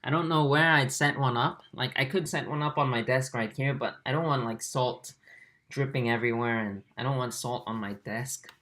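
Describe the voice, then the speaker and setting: Young male streamer, Australian-tinged accent, casual and relaxed, laptop mic. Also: medium pitch, moderate pace. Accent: Australian-tinged English. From Japan and Singapore. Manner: relaxed, easygoing, many fillers and restarts. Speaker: aquarium channel host. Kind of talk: casual livestream chat reading comments.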